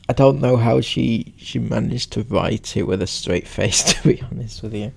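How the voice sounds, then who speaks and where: A man's voice: medium pitch, measured pace, vocal fry, a little mellow, slightly rough. A young man giving sarcastic, mocking commentary as he reacts to a social media post. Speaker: commentary YouTuber.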